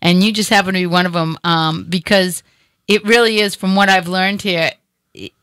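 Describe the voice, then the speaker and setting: A woman's voice: fairly low pitch, fairly even intonation, normal speed, fairly bright tone, smooth, dry recording. A woman hosting a talk show, chatting casually with a guest in a rambling way with many fillers. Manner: chatty, rambling, lots of "you know". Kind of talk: casual interview chat.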